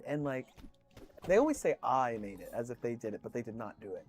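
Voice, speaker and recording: A man's voice: mid-range voice, expressive, brisk, darkish tone, soft background music. A man streaming, chatting casually with viewers, telling rambling stories full of swearing and fillers.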